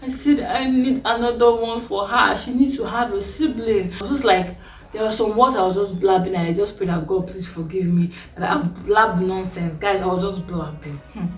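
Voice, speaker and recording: An animated young Nigerian woman recounts a personal story in vlog style, laughing often and leaping up in pitch. Her voice sits a little back from the mic in an echoey room. Faint music plays underneath. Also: normal speed, recorded from a distance. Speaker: vlogger.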